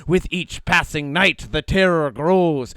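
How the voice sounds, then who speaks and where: A man's voice: on the high side, slow, a bit bright, clear, resonant tone, no room sound. A man voicing a hammy pirate storyteller, reading a spooky tale in an exaggerated theatrical pirate manner. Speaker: podcast co-host.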